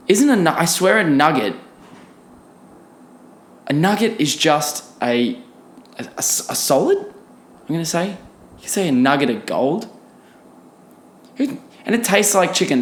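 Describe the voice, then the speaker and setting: A man's voice: fairly high pitch, big pitch swings, measured pace, pauses often, echoey room. A young man hosting a solo podcast, ranting in a casual, profane, self-deprecating way. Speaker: podcast host. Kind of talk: solo comedic podcast rant.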